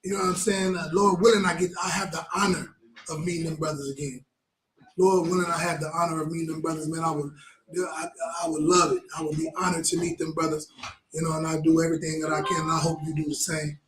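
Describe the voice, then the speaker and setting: A man's voice: a little high, level tone, quick pace, roomy sound, background noise. A man preaching a fervent, blunt sermon with lots of repetition.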